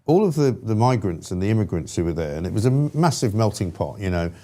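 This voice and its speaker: An older man from London hosting a political talk show, telling anecdotes with his pitch jumping up at the punchlines. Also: quick pace. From London, England. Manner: storytelling, animated with rising pitch on punchlines.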